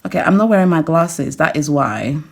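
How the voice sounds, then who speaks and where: A woman with a low voice talks her way through a beading project step by step. She mutters to herself as she threads, and now and then she breaks into excited laughter. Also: brisk, gravelly. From England. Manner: chatty, talks to herself while working, bursts into excited laughter. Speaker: jewellery designer. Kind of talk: casual beading tutorial.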